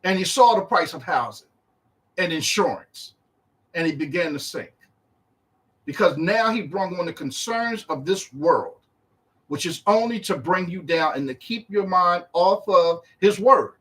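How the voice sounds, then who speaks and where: A man teaching through a Bible chapter verse by verse in a casual, animated way, acting out the speakers in the text. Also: measured pace. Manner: animated, acts out the disciples' and Yahshua's words in a higher voice; conversational, uses slang while reading verse by verse.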